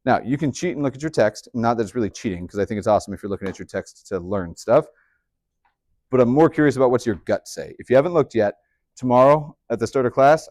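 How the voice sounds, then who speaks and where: A man teaching a high school math class, chatty and upbeat, with joking asides to his students. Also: fast talker, darkish tone, dry recording, studio quality. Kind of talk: classroom lecture.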